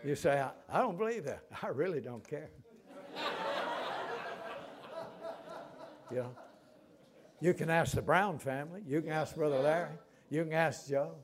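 A man's voice: on the high side, moderate pace, a crowd in the background. An older man preaching a sermon, telling stories and repeating phrases for emphasis.

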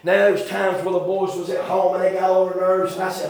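A man preaching a folksy, rambling sermon with sudden shouted bursts in a church. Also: high voice, completely flat delivery, a little fast, few pauses. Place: church hall. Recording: very echoey church from far off.

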